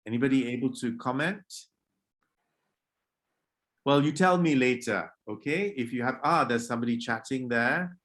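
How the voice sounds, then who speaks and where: A man's voice: mid-range voice, animated, normal speed, long pauses. Man teaching public speaking online. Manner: demonstrates moods by acting out greetings; gently scolds disruptive kids. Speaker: workshop presenter. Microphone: video call.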